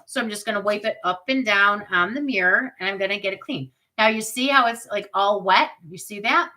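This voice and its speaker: A woman's voice: mid-range voice, brisk, pushed and bright, rough recording. A woman in her forties hosting a live product demo on webcam, chatty and upbeat, with asides to her viewers. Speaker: product party host.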